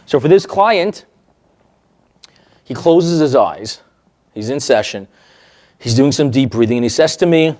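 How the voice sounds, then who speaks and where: Animated man lecturing on therapy cases. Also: medium pitch, measured pace, long pauses. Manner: animated, acts out quoted remarks, checks in with the audience. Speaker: therapist teaching a workshop. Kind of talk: lively workshop lecture told through client stories.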